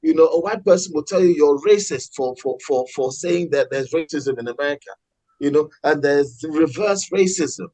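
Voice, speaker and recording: A man's voice: a little high, warm tone, dry recording, poor audio. Passionate man in dry close sound. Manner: passionate, halting with many restarts. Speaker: podcast co-host. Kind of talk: casual political discussion.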